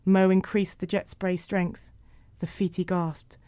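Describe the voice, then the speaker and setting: A woman narrating a storybook in an even, measured way. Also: on the low side, dry recording.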